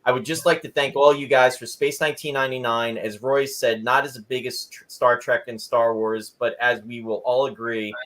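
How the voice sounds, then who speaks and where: A man's voice: medium pitch, fairly even intonation, moderate pace, hardly any pauses, a bit bright, low-quality recording. A man hosting a live-streamed chat, reading out viewer comments and greeting viewers. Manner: friendly, reads viewer comments. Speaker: host.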